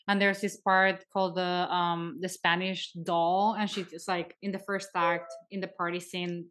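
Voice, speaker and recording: A woman in her thirties from Venezuela, a guest dancer telling stories in casual chat, acting out quoted lines with big jumps in pitch. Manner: animated, acts out quotes with sharp jumps in pitch.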